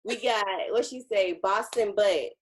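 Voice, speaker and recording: A woman co-hosting a casual podcast, telling family stories in a relaxed way and acting out what others said. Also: mid-range voice, measured pace, a little hiss or hum. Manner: relaxed storyteller, acts out quoted voices. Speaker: podcast co-host. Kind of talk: casual chat.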